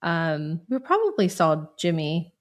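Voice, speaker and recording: A woman guest on a livestream calmly walking through a timeline of events. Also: low-pitched, a little slow. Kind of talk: recounting a timeline.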